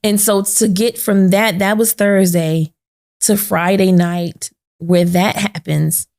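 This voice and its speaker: A woman's voice: medium pitch, fairly even intonation, slow pace, darkish tone. A woman hosting a podcast, telling an emotional personal story and acting out the voices of the people in it. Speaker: podcast host. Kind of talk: sit-down podcast conversation.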